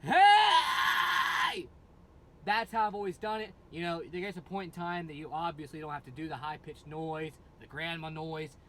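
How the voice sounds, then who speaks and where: A man's voice: a little high, steady tone, brisk, hardly any pauses, background noise. A man, a metal band singer, explaining his screaming technique in a loose, rambling way full of fillers and restarts. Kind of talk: casual vocal tutorial.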